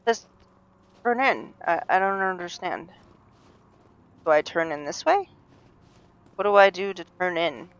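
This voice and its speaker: High, smooth-voiced male game streamer. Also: sing-song, a little slow, long pauses, a bit bright, muffled recording. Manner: rambling, self-talking, full of restarts. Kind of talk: rambling live gameplay chat.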